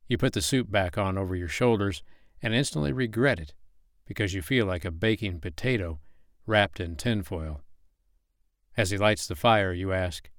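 A man with a lowish voice narrates an erotic audio story in second person. His delivery is slow, measured and soothing. The sound is close and dry, with no room around it. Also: dry recording.

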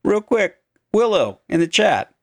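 Gravelly, lively man joking around. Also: high voice, a little slow, no echo, clean studio sound. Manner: joking, breaks into playful quips. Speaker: podcast co-host. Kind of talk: casual chat.

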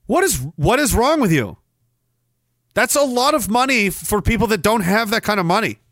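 A man's voice: high-pitched, lively intonation, normal speed, fairly bright tone, no echo, clean studio sound. A man, ranting sarcastically and profanely on his livestream, rambling from one complaint to the next. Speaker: livestream host.

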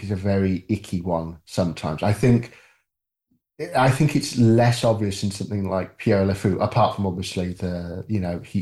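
A man in casual film discussion, measured and hedging, politely choosing his words. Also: lowish voice, warm tone, reverberant. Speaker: podcast co-host.

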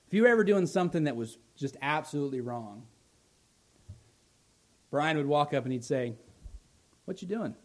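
A male pastor preaching a sermon, building to loud emphatic lines, then dropping soft and slow. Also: fairly high pitch.

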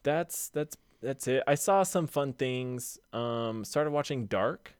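A young podcast co-host from Utah, USA, chats casually, rambling with many fillers and swear words. His medium-pitched voice is clear and resonant, taken slowly, recorded with studio quality and no echo.

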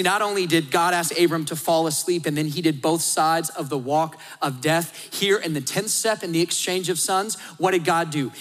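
A man preaching a sermon, shifting between lively storytelling and hushed, intimate emphasis. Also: a little high. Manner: dynamic, drops to hushed tones for emphasis. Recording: long hall reverb.

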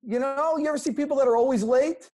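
A man being interviewed, giving energetic, preachy motivational advice in casual talk. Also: very high voice, fast. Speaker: interview guest, sales motivator.

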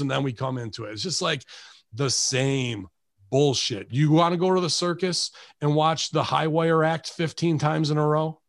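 A man on a casual podcast, his voice gravelly with a touch of fry. He rants with lots of energy and swears freely, with a dry, close sound. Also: fairly high pitch, normal speed, no room sound. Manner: profane, animated ranting with acted-out quotes. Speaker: podcast host and former wrestler. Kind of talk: casual chat.

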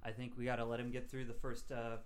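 A man co-hosting a casual podcast, cracking deadpan mock-expert jokes. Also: medium pitch, fast talker. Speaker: podcast co-host. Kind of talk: casual chat.

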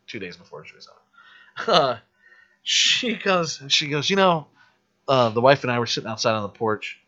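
A podcast host with a medium-pitched, sharp-toned voice tells stories in a casual chat, acting out the voices and swearing freely. The recording has a dull, lo-fi podcast sound.

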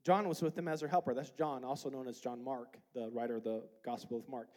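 A pastor preaching a sermon, reading scripture aloud and asking the congregation questions, building to loud, emphatic passages. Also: male voice, fairly even intonation, fast, hardly any pauses. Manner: emphatic preaching that rises to loud, high peaks; quotes and explains scripture with rhetorical questions.

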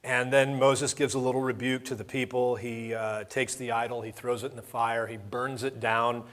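A man's voice: medium pitch, flat delivery, normal speed, a bit bright. A man preaching a sermon in a conversational, storytelling way, acting out the lines of the people in his stories. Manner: conversational storytelling with acted-out dialogue. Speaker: pastor.

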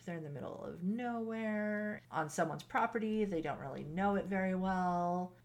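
A woman co-hosting a casual podcast, retelling a romance novel's plot in an animated way and acting out the characters' lines. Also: on the low side. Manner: animated retelling, quoting characters, laughs often. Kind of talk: casual chat.

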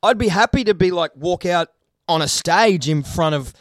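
High-voiced sweary young guy. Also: moderate pace, dry recording, studio quality. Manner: sweary, rambling, animated. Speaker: podcast co-host, video creator. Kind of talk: casual chat.

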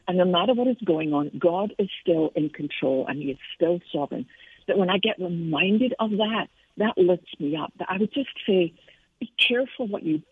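Husky Scottish woman on a phone line. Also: fairly low pitch, no echo. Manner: earnest, reflective storytelling. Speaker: Christian author and speaker, guest. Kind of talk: casual interview on faith.

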